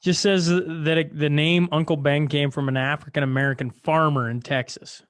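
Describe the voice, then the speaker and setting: Podcast host with a dry, close sound. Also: male voice, fairly high pitch, flat delivery, normal speed, no echo. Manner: casual, reads articles aloud. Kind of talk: casual chat.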